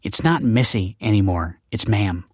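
A man's voice: fairly low pitch, moderate pace, slightly rough, no echo, clean studio sound. A man voicing a sassy, impatient eighteen-year-old girl in a storybook reading, with snippy teenage retorts.

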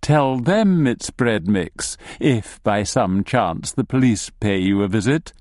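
A man's voice: fairly low pitch, animated, no room sound, studio quality. A man doing a sly, cryptic old pub gnome. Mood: insistent. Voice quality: slow, deliberate, hushed delivery.

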